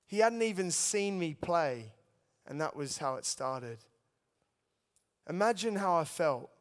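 A man's voice: on the high side, animated, a little slow, clean tone. A young man preaching a sermon, telling his own story in an earnest, storytelling way and addressing the listeners as guys. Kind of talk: sermon testimony. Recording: long hall reverb.

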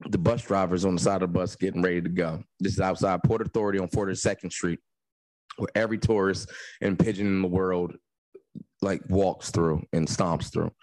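A man, a podcast co-host, telling a story in casual chat, animated and laughing often. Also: deep voice, brisk, no echo, low-quality recording.

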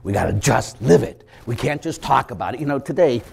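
A Catholic priest giving a lively preaching talk, an animated storyteller with sudden loud bursts and chuckles. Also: male voice, medium pitch, fairly quick, vocal fry, slight background noise.

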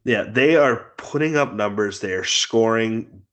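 Low-voiced, opinionated male podcast host. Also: measured pace, fairly bright tone. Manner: opinionated, blunt. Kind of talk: casual sports chat. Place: remote, out of town.

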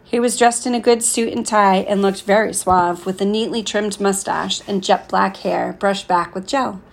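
A woman narrating a novel chapter as an audiobook, with a gravelly edge and voicing the dialogue herself. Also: mid-range voice, steady tone, moderate pace. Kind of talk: scripted narration.

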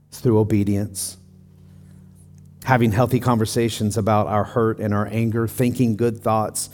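A middle-aged man preaching a sermon in an earnest way, rising to an emotional pitch as he tells a personal story. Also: darkish tone. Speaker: pastor.

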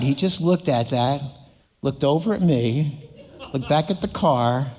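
A man with a fairly high voice delivers a sermon, retelling stories and acting out their characters while drawing the congregation in. His voice rings with a long hall reverb, as if from a church sanctuary. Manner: storytelling with acted voices and audience prompts. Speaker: pastor.

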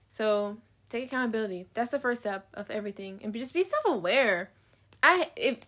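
This podcast host is a nineteen-year-old woman whose voice sits a little high with a bit of brightness. Her solo show is casual and rambling, full of fillers and swearing, and she laughs at herself and mentions having a slight lisp.

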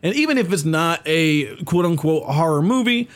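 A man's voice: a little high, lively intonation, normal speed. A man co-hosting a podcast, rambling casually with lots of fillers and swearing freely. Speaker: podcast co-host. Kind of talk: casual chat.

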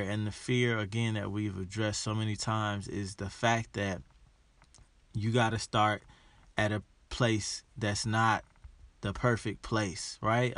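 A man's voice: lowish voice, a bit bright, no echo. A man hosting a podcast alone, giving a motivational monologue and hammering home his points by repeating them. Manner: emphatic, repeats his rallying lines. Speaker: podcast host.

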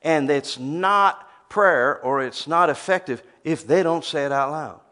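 A man's voice: fairly high pitch, measured pace, sharp tone. A man preaching a sermon, emphatic, often repeating words as he starts a phrase.

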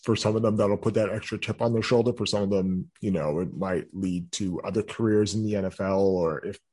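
A man co-hosting a casual sports chat, speaking in a measured way with many filler ums. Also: fairly low pitch, steady tone, dark tone, slightly rough. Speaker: podcast co-host.

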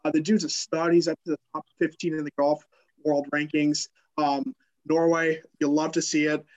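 Fairly high-voiced teasing man. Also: flat delivery, a little mellow, rough recording. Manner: quick, teasing, restarts lines. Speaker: sports podcast co-host. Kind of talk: casual sports banter.

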